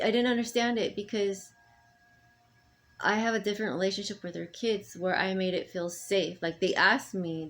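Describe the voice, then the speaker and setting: A middle-aged woman speaking to her sons in a rambling, halting personal monologue full of ums and restarts. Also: mid-range voice. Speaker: mother addressing her sons.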